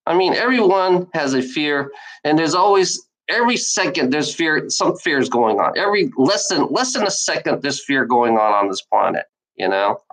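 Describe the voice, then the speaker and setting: A woman vlogging in a casual, unscripted rant, rambling and swearing with many restarts. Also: poor audio. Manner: emphatic, pitch swinging widely.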